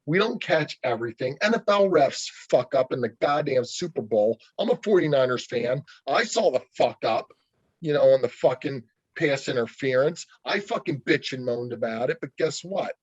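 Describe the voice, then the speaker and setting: A man's voice: mid-range voice, animated, normal speed, breathy edge, no room sound, highs cut off. Blunt, profane arm-wrestling man. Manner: blunt, profane, heated ranting. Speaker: interview guest, arm wrestler. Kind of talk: casual interview over a call.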